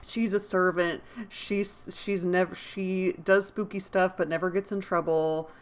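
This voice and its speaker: An American woman chats casually as she sums up a novel for her listeners. Her voice sits a little low for a woman, and her opinions come out blunt and lively, with the odd mild swear word. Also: a little slow, clean tone. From United States. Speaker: host and book reader. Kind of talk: casual chat recapping a novel.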